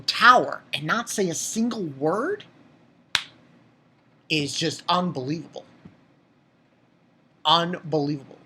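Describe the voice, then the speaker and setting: A young woman with a low, husky voice rambles through an anime episode recap. She talks casually, restarts her sentences often and swears now and then, in a loose spoken review. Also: pushed and bright.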